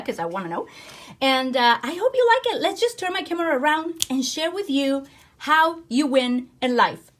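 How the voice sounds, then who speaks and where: Bubbly high-voiced woman vlogger. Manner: enthusiastic, expressive, exclaiming. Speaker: crafting vlogger sharing a devotional. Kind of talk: casual craft tutorial and devotional talk.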